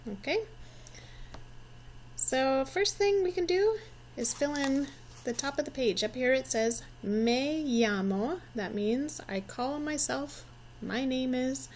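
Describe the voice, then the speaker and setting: Woman, 40s, patient teacher for kids, slow and encouraging, slightly high voice, faint background hiss. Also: lively intonation. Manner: encouraging, repeats words for children to echo. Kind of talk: slow, patient classroom instruction.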